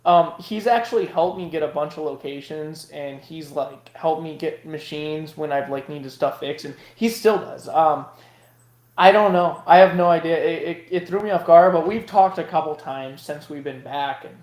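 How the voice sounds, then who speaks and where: A man's voice: on the high side, moderate pace, darkish tone. A man chatting casually as a guest on a livestream, rambling with lots of fillers and restarts. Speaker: guest vending creator. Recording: echoey room sound.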